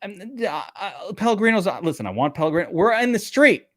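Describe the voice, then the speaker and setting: Animated New man, high and lively. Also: fairly quick, no room sound, studio quality. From Brooklyn, New York. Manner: animated, profane storyteller. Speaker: sports betting podcast co-host. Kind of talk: casual chat.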